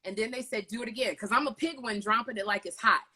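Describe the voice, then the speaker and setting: A woman hosting a casual live video chat, telling lively stories over a video call. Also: on the high side, fast. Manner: animated storytelling, lively retellings. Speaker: host.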